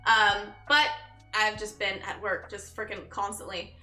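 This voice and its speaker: A woman's voice: medium pitch, level tone, unhurried, bright, forceful tone. A young woman streaming live, chatting casually with viewers, greeting them by name and sounding exhausted. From Texas. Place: her bedroom. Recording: echoey room with background music.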